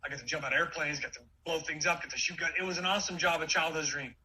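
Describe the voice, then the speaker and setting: A man in his forties giving an energetic motivational talk, with many quick restarts. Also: a little high, breathy edge, rough recording. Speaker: keynote speaker.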